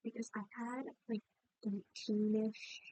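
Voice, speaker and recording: A woman's voice: on the high side, level tone, slow, warm tone, no echo, rough recording. A young woman, a college student, chatting candidly in a rambling, apologetic way as she narrates her game build, sounding worn out. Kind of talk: casual voice-over chat over a game build. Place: at home by a laptop.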